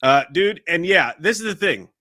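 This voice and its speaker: A man co-hosting a live movie show, chatting casually and swearing freely as he tells stories with excitement. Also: a little high, normal speed. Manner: profane, excitable, animated storytelling. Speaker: podcast co-host. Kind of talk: casual live-stream banter.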